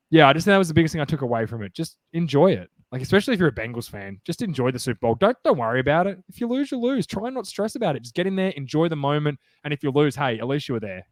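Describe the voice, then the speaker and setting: A male podcast co-host in casual sports chat, rambling and excitable, full of fillers and restarts. His voice sits mid-range and sounds dry and close to the mic. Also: medium pitch, dry recording.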